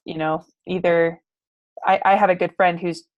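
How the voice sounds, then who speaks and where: A woman's voice: fairly low pitch, level tone, normal speed, no room sound, highs cut off. A woman taking part in a group video call, speaking thoughtfully and a bit hesitantly, with fillers. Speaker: group participant.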